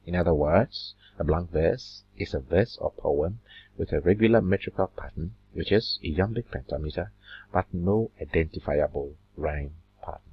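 A man teaching a literature lesson, slow and deliberate, drawing out words as he counts syllables, with a husky voice. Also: low voice, no echo. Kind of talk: recorded classroom lesson. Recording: dull lo-fi recording.

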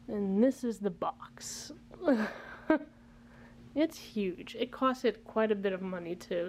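A young woman vlogging at home, talking straight to her handheld camera in a loose, rambling way. She is a bit out of breath and keeps restarting her sentences and filling the gaps with "um" and "like". Her pitch sits in a middle range, neither high nor low. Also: a little mellow, slight background noise. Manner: rambling, chatty, many restarts and fillers. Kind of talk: casual vlog chat. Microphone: handheld camera mic.

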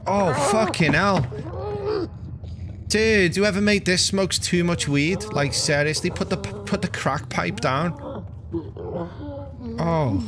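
A man live-streaming a game, commenting in a crude, joking way with excitable outbursts. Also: high voice, slow, long pauses, noisy background.

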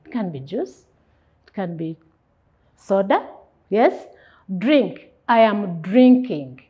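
A woman's voice: fairly high pitch, slightly rough. A woman teaching an English lesson to young children, speaking in a sing-song teacher manner and asking and answering her own questions. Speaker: primary school English teacher. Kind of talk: classroom lesson. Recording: dull lo-fi recording.

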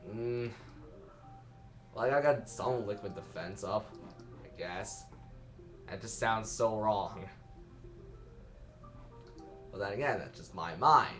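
Brief: young male let's-player, lowish voice, rambling and self-mocking, soft game music under him. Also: takes it slowly, pauses often. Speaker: let's play commentator. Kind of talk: rambling gameplay commentary.

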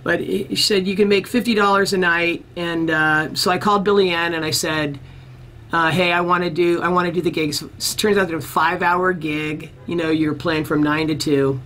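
A man's voice: a little high, moderate pace. Rambling male musician telling a story. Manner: animated storyteller who acts out the people he quotes; rambling, with many restarts. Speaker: interview guest, musician. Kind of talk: casual storytelling in an interview.

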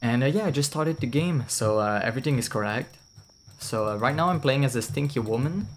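A man's voice: mid-range voice, lively intonation, brisk, a little hiss or hum. Joking young male game streamer. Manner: jokey, rambling, swears, laughs often. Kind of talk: casual game commentary.

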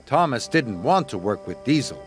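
A man narrating a children's story in an expressive, measured storytelling manner. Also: medium pitch. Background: background music.

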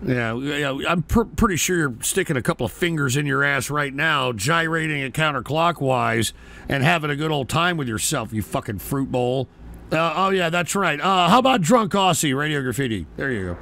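A man hosting a live call-in show, profane and irritable, often breaking into shouted rants. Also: on the high side, animated, normal speed, creaky.

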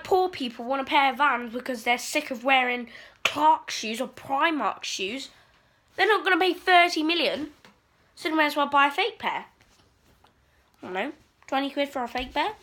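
A woman's voice: high-pitched, expressive, moderate pace, sharp tone. A teenage girl rambling through a sweary, exasperated vlog rant. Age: teens. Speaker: vlogger. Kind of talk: casual ranting vlog.

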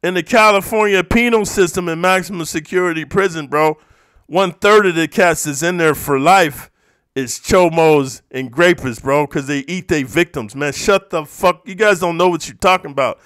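A high-voiced YouTuber from the eastern United States rants profanely while reacting to comments, saying "bro" constantly. He's confrontational, swinging between low muttering and loud outbursts at normal speed. The studio-quality recording is clear, resonant and echo-free.

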